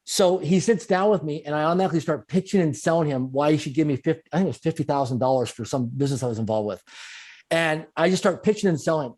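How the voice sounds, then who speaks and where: A middle-aged man telling stories as an interview guest, animated and repeating phrases for emphasis. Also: fairly high pitch. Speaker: guest speaker. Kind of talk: storytelling in a conversational interview.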